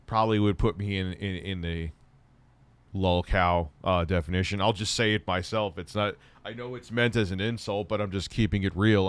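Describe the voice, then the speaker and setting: A man's voice: fairly low pitch, no echo. A middle-aged man live streaming, rambling casually and swearing while he reads chat and shops online.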